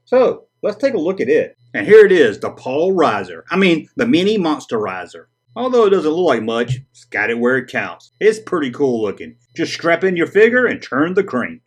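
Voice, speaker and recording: Southern US man, toy review host, husky voice, lively pitch, cracks corny jokes. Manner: jokey, corny puns, chatty. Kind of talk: casual vintage toy review.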